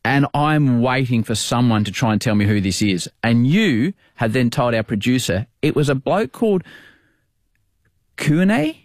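A man, a sports broadcaster hosting, telling a story in casual chat with quick bursts of speech. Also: mid-range voice, lively intonation, no room sound, clean studio sound.

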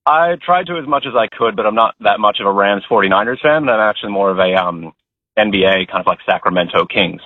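An Australian man calling in to radio, putting on a steady fake American voice. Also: fairly low pitch, quick pace, no room sound. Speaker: radio caller. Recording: tinny phone line.

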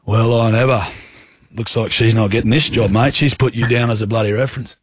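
A man's voice: mid-range voice, fairly even intonation, a little fast, husky, dry recording, pitched below the performer's own voice, natural voice. A man doing a blunt rural Aussie stock agent. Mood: blunt matey. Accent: broad rural Australian. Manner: matey, blunt, incredulous. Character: blokey rural male livestock agent. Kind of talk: prank phone call.

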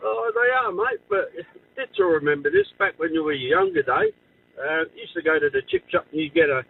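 Gravelly Australian caller on a phone line. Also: male voice, very high-pitched, huge pitch swings, fairly quick. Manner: chatty, nostalgic, calls the host mate.

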